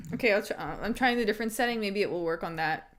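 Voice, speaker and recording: A woman hosting a live fight watch-along, chatting excitedly, swearing casually and laughing often. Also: mid-range voice, quick pace. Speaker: livestream host.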